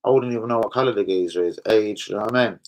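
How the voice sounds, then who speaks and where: A man with a London accent, his voice sitting on the low side, runs a casual livestream and chats straight to his viewers. His banter is blunt and heavily laced with swearing. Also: very fast, darkish tone, low-quality recording. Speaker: livestream host.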